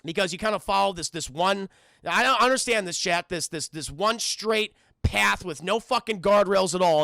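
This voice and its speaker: Excitable gravelly-voiced man streamer. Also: sits high, brisk, no room sound, clean studio sound. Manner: rambling, excitable, curses, keeps addressing chat. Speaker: streamer reviewing films. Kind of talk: casual profane film recap to live chat.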